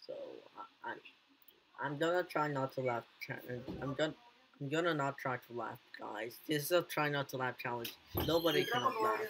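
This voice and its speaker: A man hosting a reaction video in casual commentary, excitable and full of halting restarts and repeated exclamations. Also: medium pitch, background noise.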